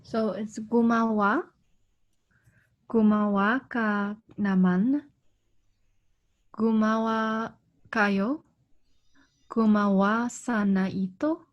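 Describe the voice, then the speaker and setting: A woman's voice: mid-range voice, fairly even intonation, extremely slow, pauses often, dull audio. A woman student in a one-on-one online lesson, reading aloud carefully and a little hesitantly over a video call. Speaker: language student.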